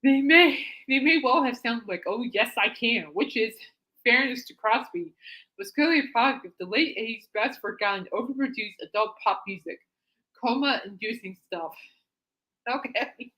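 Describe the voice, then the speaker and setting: A woman's voice: on the high side, normal speed, pushed and bright. Giggly woman podcast host, reads articles aloud with amused asides, snort-laughs.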